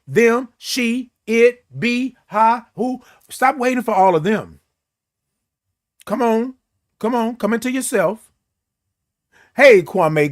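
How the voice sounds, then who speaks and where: A man speaking a motivational talk on a live stream, with a fairly high voice that rises and falls a great deal. He talks in a preachy way, repeats his phrases, and greets viewers from the chat. The sound is dry and close. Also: no room sound. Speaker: host.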